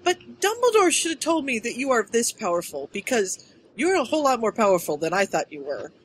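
A woman's voice: on the high side, sing-song, fairly quick, slight background noise. A woman voicing a flustered, eager woman bodyguard. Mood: sheepish.

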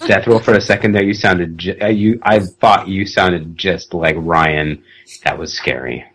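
A man's voice: low-pitched, measured pace, a crowd in the background, poor audio. A man co-hosting a podcast, joking in casual chat. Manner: jokey, mock-smooth. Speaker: podcast co-host.

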